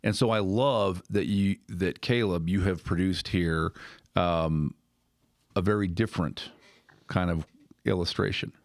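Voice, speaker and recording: Low-voiced man musing aloud, dry sound. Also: a little slow, no echo. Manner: thinks aloud with restarts, frequent "right?". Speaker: podcast host. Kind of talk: casual conversational discussion.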